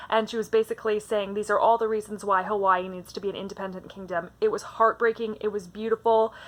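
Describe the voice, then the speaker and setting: A woman's voice: mid-range voice, a bit bright. A woman chatting about books in a casual vlog, hyper and bubbly, often restarting her sentences. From Canada. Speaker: book vlogger. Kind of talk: casual book tag vlog.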